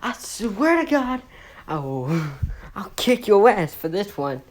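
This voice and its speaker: A woman voicing an angry father who scolds in a fast, profane barrage of questions. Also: mid-range voice, big pitch swings, a little hiss or hum, voice pushed up. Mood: angry scolding. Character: gruff angry adult man, a student's father.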